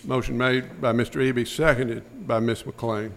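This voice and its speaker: A man chairing a school board meeting, running through motions and votes in a brisk, routine manner. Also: medium pitch, flat delivery, vocal fry, slight background noise. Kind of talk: formal meeting procedure.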